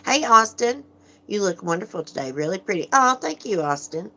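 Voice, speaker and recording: A woman's voice: mid-range voice, big pitch swings, moderate pace, bright, forceful tone. A woman hosting a casual livestream, chatting frankly, laughing often and greeting viewers as she reads comments. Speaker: livestream host.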